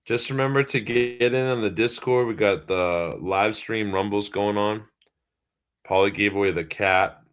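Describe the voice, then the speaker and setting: A man's voice: fairly low pitch, measured pace, fairly bright tone. A middle-aged man, co-hosting a livestream in casual, rambling chat full of fillers. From Boston area, US. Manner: easygoing, rambling, many fillers. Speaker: livestream co-host.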